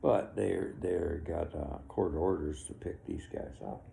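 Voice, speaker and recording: A man's voice: very deep voice, unhurried, gravelly, mellow, slight background noise. A man in his sixties giving an opinionated, rambling monologue, with chuckles between his complaints. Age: 60s.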